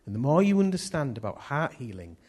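A man's voice: mid-range voice, sing-song, brisk, darkish tone. A man preaching a sermon in an earnest manner, often repeating key phrases.

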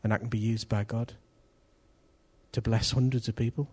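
A middle-aged man preaching a sermon in an animated way, acting out voices and swinging from loud to hushed. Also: mid-range voice, moderate pace, breathy edge.

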